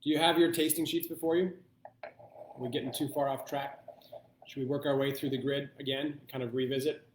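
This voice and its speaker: Mid-pitched male host who muses aloud through a tasting, recorded in a roomy space. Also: fairly even intonation, slight background noise. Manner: thoughtful, thinking aloud with pauses. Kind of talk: live online blind tasting.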